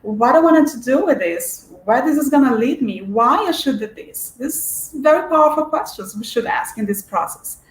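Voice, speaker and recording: A woman's voice: high-pitched, animated, moderate pace, hardly any pauses. A woman giving a spiritual lecture in an earnest, searching way, with frequent restarts and fillers. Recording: echoey room.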